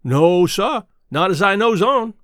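A man's voice: high voice, animated, unhurried, a bit bright, no room sound. A man doing a meek, cautious runaway man in an audiobook, giving short, careful answers in dialect. Read close and dry. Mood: cautious denial. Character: cautious grown male runaway slave, Jim.

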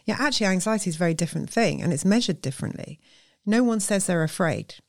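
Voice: medium pitch, expressive, quick pace, creaky, no room sound. Therapist, emphatic explaining, dry close sound. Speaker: therapist guest. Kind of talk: conversational interview.

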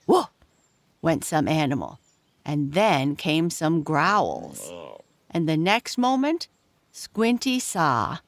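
A woman reading a children's story aloud in a gentle, expressive storytelling manner. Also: low voice, no room sound. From Prince Edward Island, Canada.

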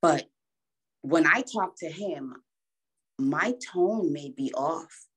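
A woman with a somewhat low voice talks in a relaxed conversational way. She drives home each point by repeating words with emphasis. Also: slow, slightly rough, low-quality recording. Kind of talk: casual chat.

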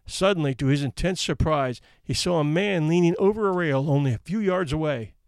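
A man's voice: fairly high pitch, a little fast, clear, resonant tone, no room sound, clean studio sound. A man reading out anecdotes in a wry, conversational storytelling manner. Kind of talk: casual read-aloud narration.

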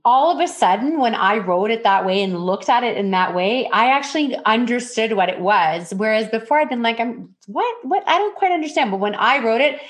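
A woman's voice: a little high, animated, fairly quick, hardly any pauses. A woman hosting a podcast interview, chatting enthusiastically with frequent laughs. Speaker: podcast host. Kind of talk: casual interview chat.

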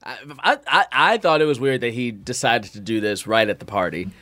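A man's voice: medium pitch, fairly quick, bright, forceful tone, no room sound. A man in a casual chat, talking in an exasperated, emphatic way and swearing casually.

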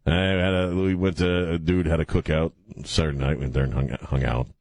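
A man's voice: a bass voice, steady tone, a little fast, a little mellow, no room sound. A man hosting a radio show, chatting casually and rambling with many restarts.

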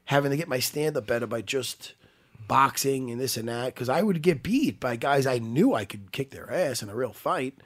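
A man chatting casually, animated, laughing often and swearing freely. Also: medium pitch, moderate pace. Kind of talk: casual chat.

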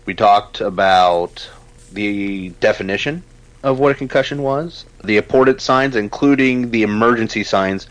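A man co-hosting a podcast, talking casually and ranting with emphatic, animated energy. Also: fairly low pitch, normal speed, dry recording, poor audio. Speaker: podcast co-host.

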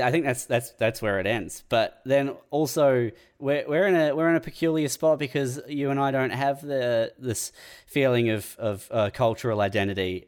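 New man, young, mid-pitched, wry halting co-host. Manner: halting, many fillers and restarts, wry. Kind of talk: casual chat.

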